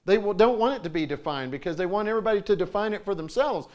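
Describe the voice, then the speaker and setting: His voice is high and a little mellow, and he talks at a quick pace. The middle-aged man preaches at a church conference in a sanctuary, telling folksy anecdotes and voicing the characters in them.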